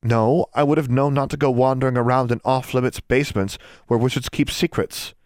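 Earnest rule-following schoolgirl, read by a man, high, reproachful, dry close sound. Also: steady tone, a little fast, a little mellow, no echo, lightly acted. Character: cautious, rule-minded schoolgirl. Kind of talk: audiobook character voice.

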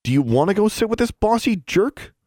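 A man's voice: sits low, wildly swooping pitch, normal speed, darkish tone, no echo, clean studio sound, heavily acted. A man voicing a blunt, fearless young girl who challenges a bully. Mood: defiant.

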